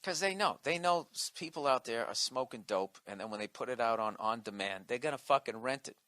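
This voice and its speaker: A man's voice: mid-range voice, lively intonation, fairly quick, sharp tone, dry recording. Profane, combative male comedian ranting. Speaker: comedian podcast host. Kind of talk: comedic rant.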